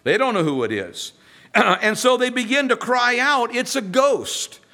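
Animated, bright-voiced male preacher. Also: very high voice, unhurried. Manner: animated storyteller, acts out voices with humor. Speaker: pastor. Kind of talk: sermon.

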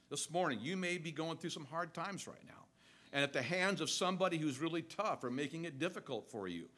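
A middle-aged male pastor preaching a sermon, animated and storytelling, swinging between loud and soft. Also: fairly high pitch.

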